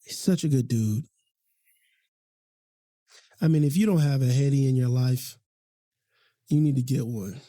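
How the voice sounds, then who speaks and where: A man's voice: mid-range voice, measured pace, long pauses, warm tone, no room sound. A man hosting a podcast in a recording studio, talking in a casual, passionate, slangy way and often repeating himself. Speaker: podcast host. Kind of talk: casual, heartfelt podcast talk.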